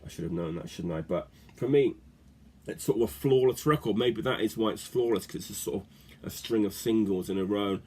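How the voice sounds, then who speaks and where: A man's voice: on the low side, brisk, darkish tone, breathy edge. A middle-aged man chatting casually about his records in a vlog, rambling along with lots of filler words and tag questions. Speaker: record collector host.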